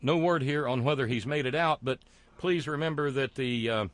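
A man's voice: medium pitch, no room sound. Sardonic man hosting a monologue show. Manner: sardonic, wry, halting with fillers. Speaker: commentary show host.

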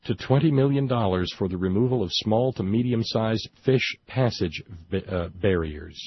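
A man's voice: fairly low pitch, moderate pace, slightly rough, dry recording, highs cut off. A man delivering a sarcastic commentary monologue, mocking and indignant in turns, with hesitant restarts as he reads from a report. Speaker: political commentary host.

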